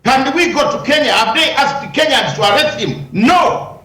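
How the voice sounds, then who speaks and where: A man's voice: very high voice, lively intonation, normal speed, sharp tone, reverberant, rough recording. A man, a lawyer, arguing combatively in a heated news interview, firing rhetorical questions and raising his voice at times.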